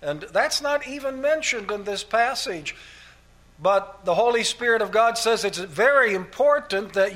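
A man's voice: high voice, animated, unhurried, fairly bright tone. A man preaching a sermon, laying out numbered points and repeating key phrases for emphasis. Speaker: pastor.

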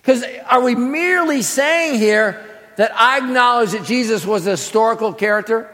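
Speaking at normal speed in a large hall, this preacher has a very high, bright voice and a forceful tone. He runs his class sermon-style, firing questions about scripture at listeners before answering them on his own.

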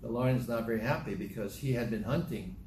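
A man's voice: mid-range voice, quick pace, darkish tone, slight background noise. Man preaching in an echoey room. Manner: plain, conversational storytelling with scripture read aloud. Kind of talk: sermon teaching through a psalm.

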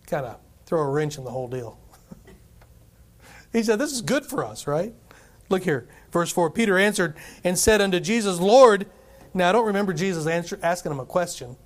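Man, pastor, animated sermon, slightly high voice, chuckles, quotes scripture. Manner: animated preaching, chuckles, quotes scripture in King James English.

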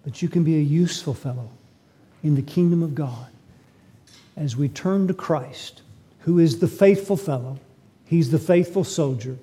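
A man's voice: fairly high pitch, normal speed, long pauses, dark tone, slightly rough. A man preaching a sermon as pastor, emphatic and full of rhetorical questions.

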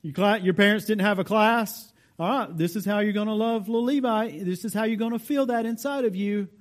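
A man with a notably high voice preaches a verse-by-verse sermon. His delivery is deliberate and explanatory, leaning on key words for emphasis while addressing the congregation directly. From United States. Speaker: pastor. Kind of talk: sermon, verse-by-verse Bible teaching.

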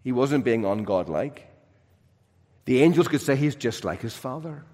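A male preacher delivering a sermon in a big hall whose long reverb trails after each phrase. He leans hard into key lines, then drops to a near hush. His voice sits at an ordinary male pitch. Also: lively intonation, moderate pace. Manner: dynamic, swings from loud emphasis to soft hushed drops.

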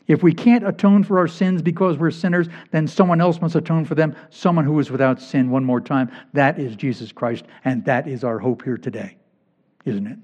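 A man's voice: on the high side, a little mellow. A male pastor preaching a sermon, emphatic and repeating key phrases to drive points home. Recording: dull lo-fi recording.

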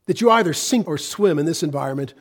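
A middle-aged American man preaching a sermon, swinging between loud emphasis and hushed, quiet passages. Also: on the high side, expressive, fast talker, husky. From United States. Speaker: pastor.

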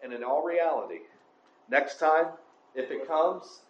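High-voiced man preaching a sermon. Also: lively intonation, a little slow, reverberant, highs cut off, slight background noise. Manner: conversational, often asks the congregation "right?".

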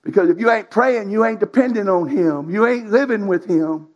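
A man's voice: high voice, normal speed, lo-fi sound. A man preaching a sermon, in a folksy, emphatic style with colloquial grammar.

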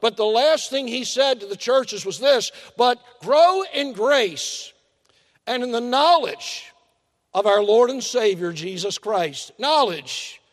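Older high-voiced preacher in a reverberant hall. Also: male voice. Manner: folksy preaching with drawn-out emphasis and acted-out asides. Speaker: pastor. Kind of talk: sermon.

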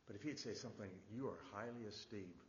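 A man preaching a sermon as pastor, repeating key phrases for emphasis and building from quiet reflection to emphatic preaching. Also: lowish voice, quick pace, big-room sound, muffled recording, a little hiss or hum.

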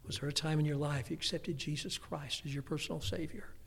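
An older man's voice, on the high side, creaky and husky, moves briskly through a sermon he preaches as pastor. He livens it with family stories and humorous asides, all heard in a long hall reverb.

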